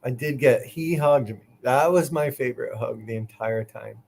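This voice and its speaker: A man's voice: mid-range voice, normal speed, vocal fry, a little mellow, slightly rough. A man co-hosting a live online show, chatting casually in a joking, teasing way. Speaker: co-host. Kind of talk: casual live-stream chat.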